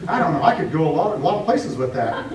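A male pastor preaching a sermon, animated and joking as he acts out the story's quotes. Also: a little high, quick pace, over a noisy crowd. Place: church hall. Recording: echoey room, mic at a distance.

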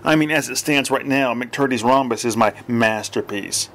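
A man's voice: mid-range voice, normal speed, a bit bright, lightly acted. A man reads an aging novelist near sixty, earnest and searching as he talks over his next step. He sounds restless and sincere, a figure in a storybook audiobook.

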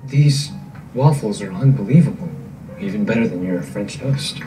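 An actor playing a smooth, flirtatious male warlock who teases his partner playfully. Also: on the low side, animated, normal speed, dark tone, a little hiss or hum, lightly acted. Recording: distant TV sound under music.

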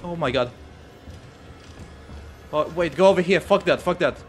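Excitable man doing gameplay commentary. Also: on the high side, normal speed, faint music behind. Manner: excitable, swears and yelps when startled; mutters quietly when sneaking. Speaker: gamer.

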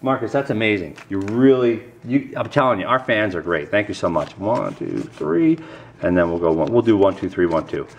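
Excitable middle-aged man. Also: lowish voice, moderate pace, a little hiss or hum. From New York. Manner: excitable, exclaims over each card. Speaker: YouTube host. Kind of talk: casual unboxing vlog.

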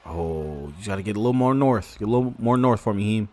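A man streaming a football video game, giving excitable, slangy live commentary and talking to his viewers. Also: fairly low pitch, quick pace. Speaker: gaming streamer. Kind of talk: casual live gameplay commentary.

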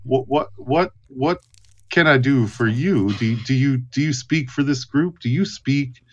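A man's voice: mid-range voice, a little slow, slightly rough, muffled recording. A man doing a solemn traveling priest. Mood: earnest.

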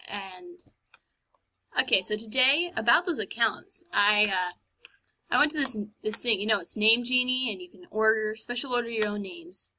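A woman's voice: fairly high pitch, normal speed, bright, forceful tone, low-quality recording. A woman giving casual gameplay commentary, chatty and self-mocking, often muttering and whispering to herself. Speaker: game let's-player.

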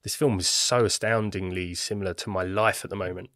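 A man's voice: low voice, steady tone, fairly quick, fairly bright tone, no echo, studio quality. A man co-hosting a film podcast, talking candidly and with humour about how a film moved him. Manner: candid, jokey, emotional. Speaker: podcast co-host. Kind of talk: casual film review chat.

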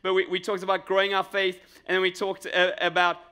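A man preaching a lively sermon to a live congregation, energetic and jokey, repeating phrases and asking the crowd questions. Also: high-pitched, fairly quick, clear, resonant tone. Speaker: pastor. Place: church sanctuary with live congregation.

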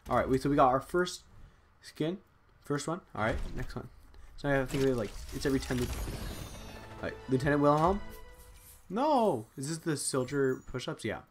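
A young man talking to himself at his computer while opening loot boxes, excitable and chatty. He groans at duds and cheers at good drops, in a plain mid-range voice on a desk mic, with faint music playing underneath. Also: medium pitch, brisk. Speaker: gaming channel host. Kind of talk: casual unboxing commentary. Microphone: desk USB microphone.

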